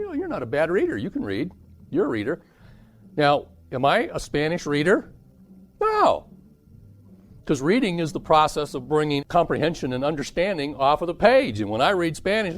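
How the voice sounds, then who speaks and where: Man, seminar teacher, fairly high voice, very lively pitch, quizzes the audience. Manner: animated, asks the audience questions. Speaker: teacher leading a parenting seminar. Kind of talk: seminar talk to a live audience.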